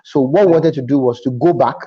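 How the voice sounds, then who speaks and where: A man with a Nigerian accent, a comedian chatting as a guest and telling stories with animated restarts. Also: mid-range voice, fast talker, breathy edge, dull audio. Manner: animated storytelling with frequent restarts. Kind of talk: casual interview chat.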